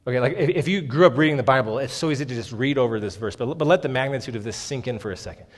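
A man's voice: mid-range voice, racing. Earnest male preacher in a reverberant hall. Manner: earnest, emphatic, repeats "okay" often. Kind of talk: sermon on a Bible passage.

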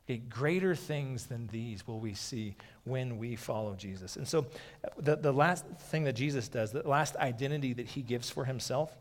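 A man's voice: medium pitch, moderate pace. Conversational man preaching in a hall. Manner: conversational, frequently saying "okay". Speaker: pastor. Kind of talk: sermon.

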